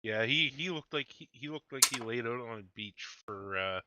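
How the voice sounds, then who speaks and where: A man's voice: mid-range voice, animated, normal speed, muffled recording, noisy background. A man playing a tabletop game, chatting easily and agreeing with the others. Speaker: player. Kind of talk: casual tabletop game chat.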